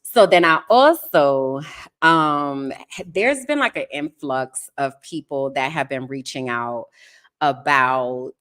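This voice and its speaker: A woman's voice: a bass voice, slow pace. A woman hosting a casual podcast, telling stories candidly and with animation. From United States. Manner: candid, animated storytelling with sudden laughs. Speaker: podcast host.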